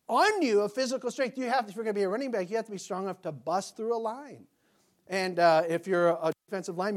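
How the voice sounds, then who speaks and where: A male pastor preaching a sermon, asking rhetorical questions, building in force and then dropping low. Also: darkish tone.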